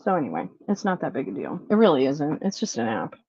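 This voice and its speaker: A middle-aged woman hosting a livestream, venting with a lot of swearing, then apologizing and dropping to quiet mutters. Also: low-pitched, big pitch swings, quick pace, vocal fry, husky, dry recording. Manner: frustrated, profane, apologetic, swings between loud venting and quiet muttering. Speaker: livestream host. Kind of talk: unscripted livestream rant. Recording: dull, lo-fi, dry livestream audio.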